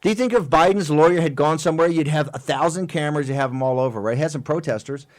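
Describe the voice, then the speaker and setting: A man hosting a political talk radio show, talking in an emphatic, fiery way with rapid-fire rhetorical questions. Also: on the high side, no room sound. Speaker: host.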